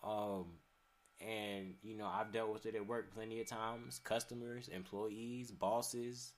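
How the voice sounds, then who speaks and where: A man's voice: on the low side, little pitch movement, slow pace, a little hiss or hum. A man chatting casually on a podcast, laid-back and profane, laughing often and talking with many fillers. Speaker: podcast guest.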